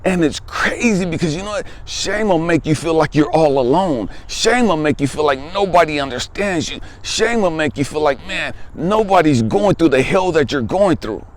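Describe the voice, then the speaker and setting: Animated, emphatic man in his fifties. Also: a little high, moderate pace, few pauses. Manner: emphatic, conversational, repeats phrases for weight. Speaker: spiritual life coach. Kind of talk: personal testimony monologue.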